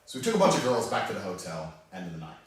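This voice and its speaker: A man telling a story in casual chat, animated, laughing often and swearing freely. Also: deep voice, racing. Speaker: storyteller on a podcast. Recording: echoey room from far off.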